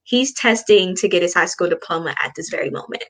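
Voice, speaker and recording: A woman in her twenties with a lowish voice tells her own story as an interview guest. She is earnest and frank, and she acts out the lines people said to her along the way. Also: fairly quick, fairly bright tone. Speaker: spiritual coach guest.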